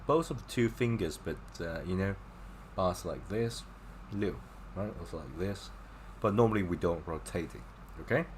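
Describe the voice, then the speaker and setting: A man's voice: sits low, lively intonation, moderate pace, slight background noise. A man teaching a casual online language lesson, chatty and encouraging, explaining with gestures and repeated examples. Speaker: Chinese teacher.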